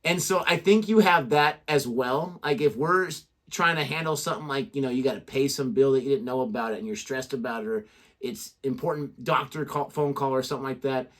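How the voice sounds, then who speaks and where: A man's voice: medium pitch, a little fast, fairly bright tone. A man co-hosting a reaction show, chatting casually with a rambling, self-deprecating manner.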